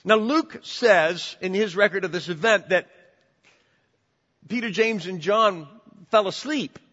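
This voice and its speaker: A man preaching a sermon as pastor, animated and emphatic, often repeating words as he builds to his points. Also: sits high, measured pace. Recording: dull sound with long church reverb.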